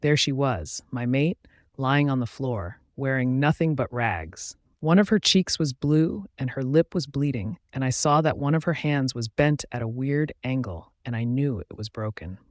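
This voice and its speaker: A man's voice: mid-range voice, expressive, moderate pace, dry recording. Man narrating an audiobook, dry close sound.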